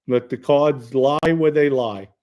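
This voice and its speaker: A man's voice: mid-range voice, slow, a little mellow. Blunt New man chatting live. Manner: blunt, matter-of-fact, reads chat comments aloud. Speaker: host answering viewer questions. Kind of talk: casual live-stream chat.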